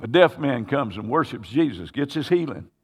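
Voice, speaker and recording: A man's voice: mid-range voice, expressive, normal speed, slightly rough. Preacher man in a reverberant hall. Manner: dramatic storytelling, acting out voices in the scripture. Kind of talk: sermon.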